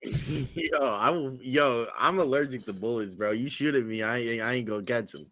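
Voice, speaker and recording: A man's voice: medium pitch, normal speed, pushed and bright. Joking young man in podcast banter. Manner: joking, boastful banter with frequent laughs. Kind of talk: casual podcast chat.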